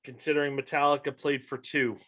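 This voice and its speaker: A man's voice: mid-range voice, level tone, brisk, a bit bright. A man co-hosting a casual chat show, dry and mildly exasperated. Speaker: co-host.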